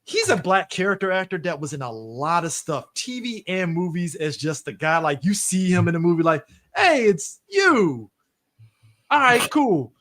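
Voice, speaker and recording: A man in his thirties co-hosting a podcast, chatting casually with an expressive delivery. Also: fairly quick, hardly any pauses. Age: 30s. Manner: expressive, swoops in pitch, drawls some words. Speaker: podcast co-host. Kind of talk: casual chat.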